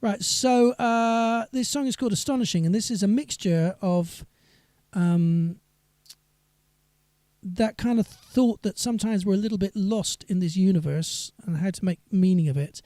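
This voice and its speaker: A man's voice: high-pitched, moderate pace, warm tone, no room sound. A singer-songwriter man chatting on a live stream between songs, rambling and reading viewer comments aloud.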